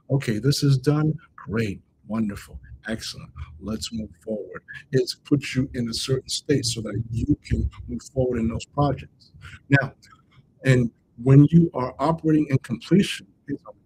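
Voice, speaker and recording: A man's voice: mid-range voice, warm tone, slight background noise, low-quality recording. Conversational man coaching on a livestream. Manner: conversational, repeats and restates points for emphasis; addresses live chat viewers directly. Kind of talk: livestream motivational talk.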